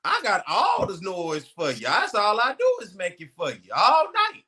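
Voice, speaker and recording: Male sports radio co-host, high bright voice, brash trash-talk. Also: wildly swooping pitch, normal speed. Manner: boastful, taunting, profane.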